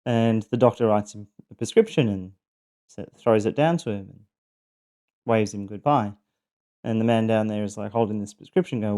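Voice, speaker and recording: A man's voice: on the low side, moderate pace, dark tone. A middle-aged man hosting a personal podcast, reflecting earnestly on recovering from abuse, with frequent ums and restarts. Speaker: podcast host sharing his survival story.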